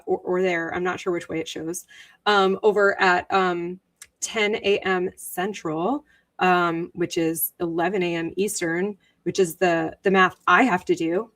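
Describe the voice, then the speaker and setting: Woman doing a chill livestream, unhurried, lots of ums and little giggles, saying hi to chat. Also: mid-range voice, a bit bright. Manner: chatty, greets viewers, giggles often, many ums. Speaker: livestream host.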